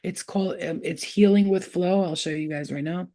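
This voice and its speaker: A woman with a fairly low, mellow voice chats through a casual spiritual livestream. She rambles in street slang and swears freely. She keeps telling her viewers she loves them. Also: steady tone, normal speed. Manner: affectionate toward viewers, often saying she loves them. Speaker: spiritual reader hosting a livestream.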